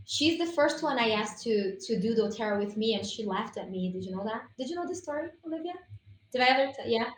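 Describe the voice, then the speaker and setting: A woman's voice: a little high, expressive, fast, slight background noise. A woman giving an enthusiastic, chatty product talk on a live stream over a video call. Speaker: guest presenter on essential oils. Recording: roomy echo, faint room ambience.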